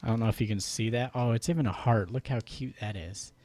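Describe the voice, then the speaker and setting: A man's voice: medium pitch, fast talker, a little mellow, dry recording. A man in casual podcast chat, laughing often as he tells a story about a creepy toy.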